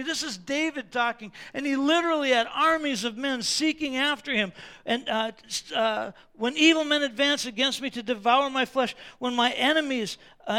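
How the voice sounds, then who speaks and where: High, bright-voiced preaching man. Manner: swings from quiet asides to loud, slow emphatic declarations. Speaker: pastor. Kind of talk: sermon.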